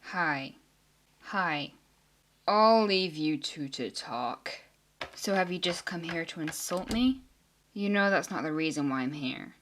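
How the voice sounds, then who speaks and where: Low-pitched woman acting teen drama. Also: lively intonation, takes it slowly, a bit bright, a little hiss or hum. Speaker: voice actor playing several teenage girls.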